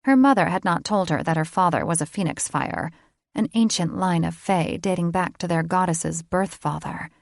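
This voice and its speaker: Brief: woman audiobook narrator, lowish voice with vocal fry, measured storytelling. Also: dry recording, clean studio sound. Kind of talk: scripted narration.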